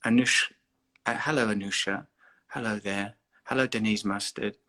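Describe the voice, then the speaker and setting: A man talks casually to his livestream viewers from home, holding the phone himself. His voice is bright and forward, and he rambles in a loose, playful way that turns earnest. The sound is close and direct from the handheld phone. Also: on the low side, steady tone, normal speed. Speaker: livestream host. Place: indoors at home. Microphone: phone held at arm's length.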